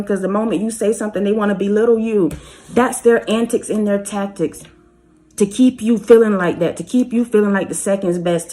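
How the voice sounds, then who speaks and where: A woman's voice: a little high, a little mellow. A woman speaking passionately to her viewers, repeating her points and urging them directly. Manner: fervent and repetitive, urging listeners directly. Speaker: spiritual reader. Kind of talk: passionate motivational address to viewers.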